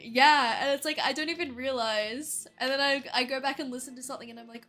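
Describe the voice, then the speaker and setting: A young Australian woman with a strong accent chats casually with her stream audience in a bright, forceful, fairly high voice. She uses "like" constantly and keeps breaking into quick laughs, with faint music in the background.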